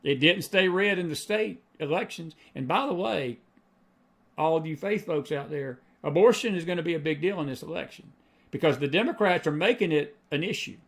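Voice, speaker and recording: Middle-aged guy hosting a live faith show, preachy and folksy, kinda high voice, keeps repeating himself. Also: normal speed, fairly bright tone. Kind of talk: live-stream commentary reading chat comments.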